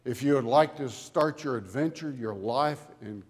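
A man preaching a sermon to a congregation with dramatic emphasis, building to loud peaks on key words. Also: mid-range voice, slightly rough. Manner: dramatic, slow emphatic delivery with swelling loudness. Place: church sanctuary. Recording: long hall reverb from a church. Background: congregation audience.

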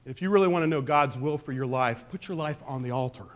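A pastor preaching a conversational sermon, swinging between loud emphasis and quiet asides. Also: male voice, mid-range voice, quick pace. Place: church sanctuary.

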